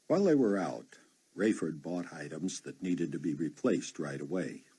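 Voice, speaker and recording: Guy reading an audiobook, kinda husky, lots of ups and downs in his voice. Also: sits low. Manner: steady storytelling with many voiced characters. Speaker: audiobook narrator. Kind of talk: unabridged audiobook narration.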